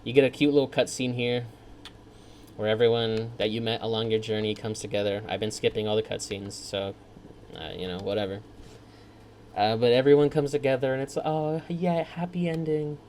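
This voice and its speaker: A man's voice: fairly low pitch, fairly even intonation, a little fast, a little mellow, a little hiss or hum. Man ranting over gameplay. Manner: ranting, profane, sarcastic. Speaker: let's play host. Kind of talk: gameplay commentary.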